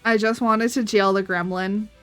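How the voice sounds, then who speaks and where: A woman's voice: mid-range voice, fairly even intonation, normal speed, clean tone. A woman chatting casually on her art livestream, rambling and giggling as she retells stories. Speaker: streaming artist. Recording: faint background music.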